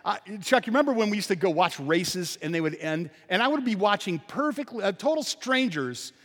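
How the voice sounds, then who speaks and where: A man's voice: high-pitched, expressive, brisk, fairly bright tone. A pastor preaching a sermon to his congregation, emphatic and full of rhetorical questions. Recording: long reverb of a large hall.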